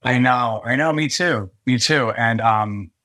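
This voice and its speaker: A man in his forties guesting on a podcast in casual chat, earnest and quick to laugh. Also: medium pitch, fairly bright tone.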